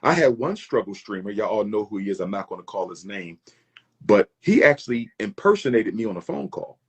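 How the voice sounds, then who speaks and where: Husky, emphatic man addressing a crowd. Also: lowish voice, big pitch swings, fairly quick. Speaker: speaker in a played clip. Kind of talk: address to an audience.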